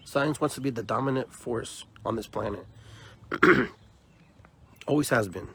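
A man's voice: medium pitch, unhurried, a bit bright, slightly rough. A man hosting a podcast, delivering an emphatic, opinionated monologue and often repeating words as he builds his point. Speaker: podcast host.

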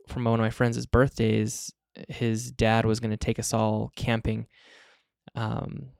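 Podcast host guy, gravelly voice, pretty flat delivery, kinda hesitant, lots of ums. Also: mid-range voice, dry recording, studio quality. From Utah. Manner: relaxed, hesitant, with many fillers. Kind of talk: casual podcast conversation.

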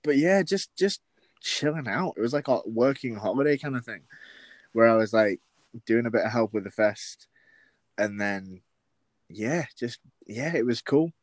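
A man's voice: medium pitch, lively intonation, normal speed, no room sound. A young man with a West Yorkshire accent, telling a story in rambling, casual podcast chat full of fillers. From West Yorkshire, England. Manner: rambling, many fillers and laughs. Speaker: podcast host.

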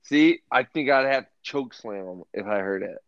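A man co-hosting a casual podcast, profane and animated as he tells stories. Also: mid-range voice, moderate pace, clean tone, no room sound. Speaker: podcast co-host. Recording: dull lo-fi sound.

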